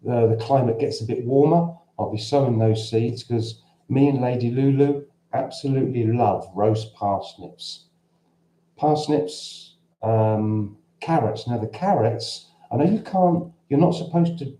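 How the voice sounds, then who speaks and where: This host, a man from London with a Cockney accent, now at home in central Portugal, answers livestream viewers' questions in a loose, rambling style full of restarts. His voice is mid-range with a dark tone, heard in a roomy echo.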